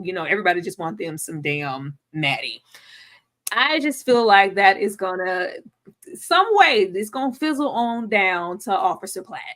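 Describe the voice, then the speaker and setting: A woman's voice: mid-range voice, fairly bright tone. A woman on a video call giving blunt, wisecracking commentary on a TV episode in casual slang. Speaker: panelist on a live TV breakdown stream.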